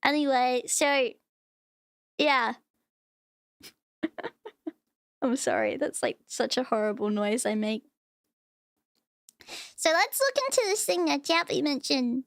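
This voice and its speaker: High-voiced, excitable woman streamer. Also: unhurried, long pauses, no echo, clean studio sound. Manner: excitable, giggly, chatty. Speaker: VTuber streamer. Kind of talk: reacting to videos on a live stream.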